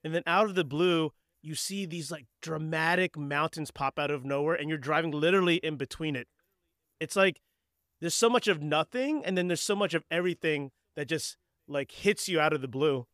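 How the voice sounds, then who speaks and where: A man hosting a podcast, asking relaxed questions and giving supportive backchannels. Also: on the high side, normal speed, no room sound, studio quality. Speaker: podcast host. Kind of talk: casual interview questions.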